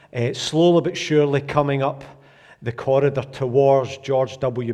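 A man preaches a relaxed, chatty sermon in a church, stumbling and restarting now and then as he talks. His voice sits at a middle pitch. It carries with a long reverb through the church hall. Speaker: pastor.

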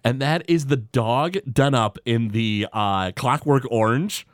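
A man's voice: mid-range voice, unhurried, dry recording, clean studio sound. A man co-hosting a casual podcast, recapping a cartoon episode with many "uh" restarts and acted-out quotes. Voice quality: animated, acts out quoted characters in shifting voices. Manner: filler-heavy, frequent "uh" restarts. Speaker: podcast co-host.

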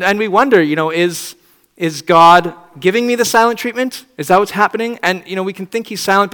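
A man's voice: sits high, pushed and bright, clear, resonant tone, in a large hall. A man preaching a sermon in a conversational, reflective way, often asking rhetorical questions.

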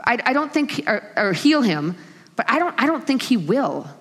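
A middle-aged woman preaching a sermon, telling stories with lively acted-out quotes. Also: a little high, normal speed, husky. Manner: animated storytelling with acted-out quotes. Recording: long hall reverb.

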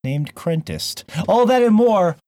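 A man's voice: high-pitched, big pitch swings, takes it slowly, mellow, no room sound. A man hosting a gaming podcast, opening the show in a playful, jokey way with lots of fillers. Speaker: podcast host. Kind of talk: casual podcast intro.

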